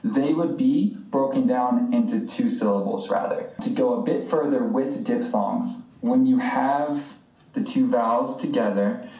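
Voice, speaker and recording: A man's voice: mid-range voice, mellow. A man co-hosting a language podcast, teaching in a casual, jokey, slangy way. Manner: jokey, laid-back, slangy. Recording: echoey room, distant mic.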